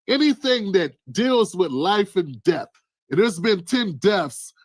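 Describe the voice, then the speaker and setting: A man hosting a news commentary show, talking in a heated, preachy way and rising to shouts. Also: sits high, very animated, slow, no room sound, clean studio sound.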